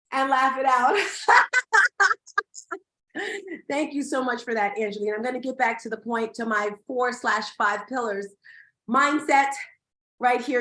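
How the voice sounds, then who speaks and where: A woman speaks on stage as a motivational speaker, her high voice energetic and emphatic. She rises into loud bursts of excitement as she fires up the crowd. The sound carries the echo of a big event hall. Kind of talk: live motivational talk to an audience. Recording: echoey hall.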